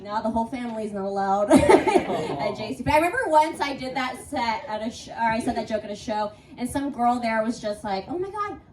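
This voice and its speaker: A woman's voice: a little high, brisk, hardly any pauses, darkish tone. A young woman doing a stand-up comedy set, rambling and crude, giggling often through her confessional stories. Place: comedy stage before a live audience. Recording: roomy, distant mic, faint audience noise.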